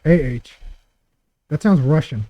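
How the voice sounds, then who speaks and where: A man playing in a tabletop game, reacting quickly and loudly to the others. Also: a little high, lively intonation, no echo. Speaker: player. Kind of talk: tabletop role-play chat. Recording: slightly dull lo-fi audio.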